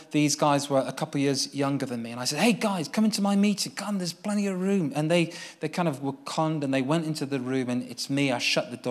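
A young man preaches through his own story, his voice sitting a little high. He moves between bursts of excitement and quiet, earnest moments as he recounts it. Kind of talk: personal testimony sermon.

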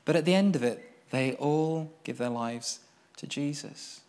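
A young man preaches through his own story, his voice sitting a little high. He moves between bursts of excitement and quiet, earnest moments as he recounts it. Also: measured pace, clear, resonant tone. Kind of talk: personal testimony sermon.

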